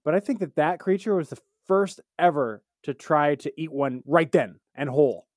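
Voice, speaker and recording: A man co-hosting a podcast in casual comedic chat, playful and swearing freely with animated reactions. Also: a little high, moderate pace, no echo, clean studio sound. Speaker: podcast co-host.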